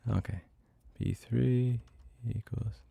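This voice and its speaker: A man's voice: medium pitch, fairly even intonation, slow, creaky, warm tone, breathy edge. A middle-aged man livestreaming himself coding, in casual, blunt, profane talk, muttering to himself as he works. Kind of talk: casual livestream chat while programming.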